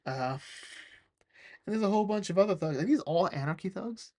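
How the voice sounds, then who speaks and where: Animated man recapping comics, fairly high voice. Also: fairly quick. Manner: animated, laughs often, acts out characters' lines. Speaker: comic book reviewer.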